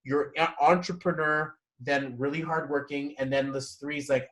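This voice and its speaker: A man giving a casual one-on-one numerology reading, animated and quick to laugh. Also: a little high, poor audio. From Canada. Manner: animated, laughs often, acts out inner voices. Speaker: numerology consultant.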